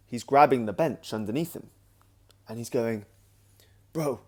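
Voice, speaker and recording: A man in the middle of a casual vlog story, talking at a middle pitch. He loops back on himself with restarts and filler words. He livens up whenever he acts out what he said at the time. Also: normal speed. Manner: animated anecdote, acting out his own past remarks; loose, with frequent restarts and "like". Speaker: creator and host of his own channel.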